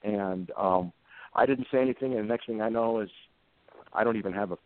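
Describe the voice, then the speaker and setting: A man's voice: lowish voice, fairly quick. A man in his fifties, a police officer guest, telling anecdotes in an earnest, plain-spoken way. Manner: earnest, plain-spoken, emotional when recalling events. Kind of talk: anecdotal storytelling in conversation. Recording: tinny phone-like line, dry sound.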